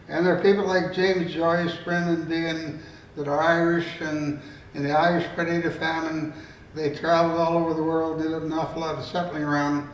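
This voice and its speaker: At a library event, an eighty-something author and storyteller from Canada spins meandering, homespun tales in a chatty style. His voice sits on the high side and sounds a bit bright. The mic is distant in a spacious room, picking up faint noise.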